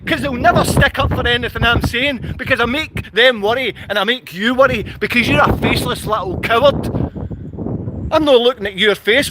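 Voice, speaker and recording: A Scottish vlogger with a Glasgow accent rants furiously to camera, hurling insults and repeating himself. His voice is very high at normal speed, over a noisy background.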